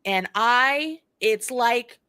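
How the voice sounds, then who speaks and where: Woman co-host, bright and sharp, dry close sound, lively storytelling, frequent laughs. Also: a little high, drawn-out words, clean tone, dry recording. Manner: animated storyteller who laughs often. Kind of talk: casual chat on a live stream.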